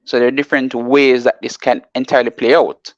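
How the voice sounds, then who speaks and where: A man's voice: medium pitch, flat delivery, fairly quick, dry recording. Man analyst, dry dull-sounding mic. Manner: reads out formal text, then explains at length with many "you know"s. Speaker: market analyst. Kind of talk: explaining finance on a live show.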